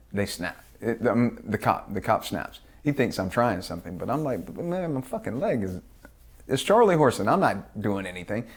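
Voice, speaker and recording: A man being interviewed as a guest, telling a story casually with lots of swearing and acted-out quotes. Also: on the low side. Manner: profane, lively storyteller who acts out quotes.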